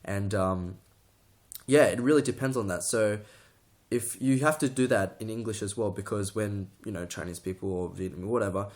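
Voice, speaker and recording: A man's voice: on the low side, moderate pace. A young man talking to the camera in a casual tutorial, rambling, restarting sentences and getting sidetracked. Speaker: vlogger.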